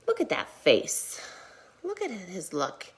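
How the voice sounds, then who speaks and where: Lively, animated woman teaching kids yoga. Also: fairly low pitch, takes it slowly, recorded from a distance. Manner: playful, encouraging, animated storytelling. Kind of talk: reading a picture book and guiding kids' yoga. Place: indoor room, filmed while doing poses. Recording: echoey room.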